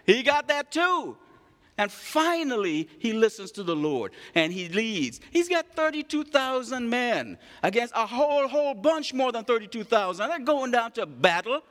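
A male preacher giving an animated sermon, calling on the congregation to respond and acting out stories. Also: very high voice, normal speed. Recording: long hall reverb.

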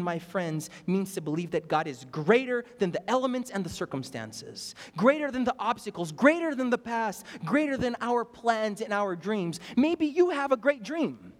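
A young man preaching a sermon as pastor, emphatic and repeating phrases, asking the congregation questions. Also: extremely high pitch. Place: church sanctuary. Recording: hall reverb.

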